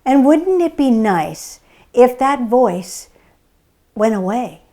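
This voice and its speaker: Woman host, slightly raised pitch, earnest and emphatic, persuasive in casual chat. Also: very animated, slow, dark tone. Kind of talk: casual chat about diet.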